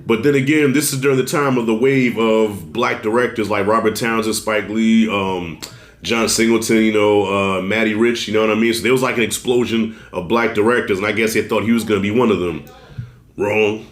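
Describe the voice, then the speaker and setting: A man giving a loose, conversational movie review, swearing now and then and talking to viewers as y'all, fighting a cold and clearing his throat. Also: fairly low pitch, fairly even intonation, brisk, echoey room. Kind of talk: casual spoken film review.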